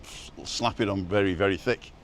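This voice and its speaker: A man's voice: fairly low pitch, fairly even intonation, normal speed, a little hiss or hum. A middle-aged English man chatting and joking while filming a walk by the sea. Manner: jokey, chatty, teasing. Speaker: vlogger filming a walkabout. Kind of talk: casual chat. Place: outdoors by a seaside street.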